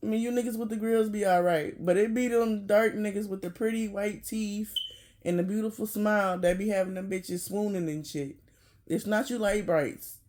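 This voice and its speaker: A vlogger rants casually to the camera, blunt and profane, laughing often and dropping into low mutters before bursting out loud. The intonation stays fairly even, at a normal speed.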